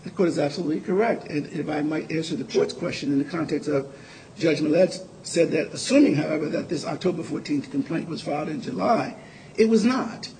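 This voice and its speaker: A man making his case in a courtroom oral argument, his voice sitting a little high for a man. He talks earnestly but stumbles and restarts often. A faint low hum runs underneath. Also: a little mellow, poor audio. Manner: earnest, halting with frequent restarts. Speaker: appellate lawyer arguing for the appellant.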